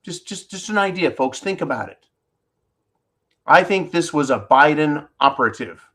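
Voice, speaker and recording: A man's voice: on the high side, lively intonation, moderate pace, bright, forceful tone, husky. A man hosting a solo commentary show, talking in an indignant, emphatic way and repeating words when stirred up. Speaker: political commentary host.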